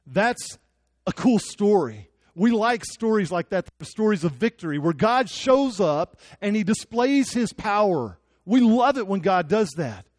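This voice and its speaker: A man's voice: high voice, sing-song, unhurried, no room sound. A young man preaching a sermon, telling the story with jokes and acted-out quotes. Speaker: pastor.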